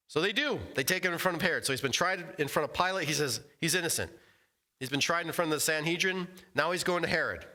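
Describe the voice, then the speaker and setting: A man's voice: a little high, bright, forceful tone. A man teaching a casual Bible study in a church room, explaining scripture conversationally and quizzing the group.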